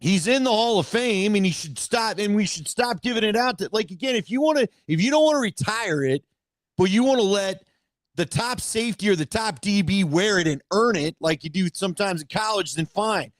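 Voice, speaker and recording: A man's voice: sits high, expressive, brisk, no echo. A man co-hosting a casual sports talk show, blunt and opinionated in his rants. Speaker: sports podcast co-host.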